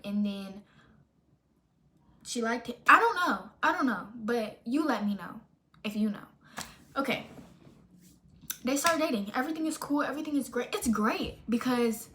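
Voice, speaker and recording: A woman's voice: fairly high pitch, unhurried, long pauses, slight background noise. A young woman, telling a storytime vlog casually and animatedly, full of fillers and quoted dialogue. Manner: chatty, animated, full of "like" fillers and self-interruptions; quotes friends in acted-out dialogue. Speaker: storytime vlogger.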